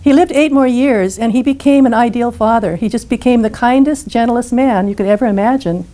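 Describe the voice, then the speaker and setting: A woman's voice: fairly high pitch, a little fast. Older woman telling a personal story. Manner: earnest, animated retelling with acted dialogue. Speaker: speaker telling her life story.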